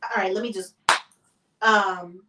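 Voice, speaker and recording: A woman co-hosting a casual chat with her husband, talking in an animated, playful way and acting out little scenes. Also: medium pitch, slow pace, reverberant, distant mic, background noise. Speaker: podcast co-host.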